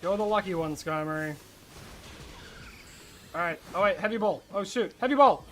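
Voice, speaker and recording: A streamer with an Australian accent, chatting casually and rambling while playing, breaking into excited disbelief. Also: mid-range voice, moderate pace, soft background music. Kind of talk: casual live-stream chat while gaming.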